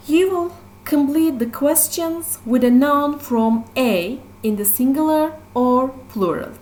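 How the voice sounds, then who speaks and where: A woman teacher with a Turkish accent who explains English vocabulary slowly, repeating each word and stressing its syllables. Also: fairly high pitch, a little mellow, slight background noise. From Turkey. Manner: slow and repetitive, stressing syllables. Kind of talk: classroom vocabulary lesson.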